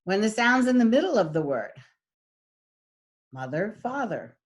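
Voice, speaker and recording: A woman's voice: on the high side, sing-song, fast talker. A woman teaching an online diction class, speaking animatedly and exaggerating sounds to demonstrate them.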